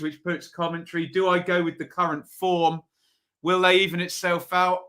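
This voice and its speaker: A man's voice: a little high, bright, forceful tone. A man hosting a live football predictions stream, chatting casually, thinking aloud and reading out viewers' comments.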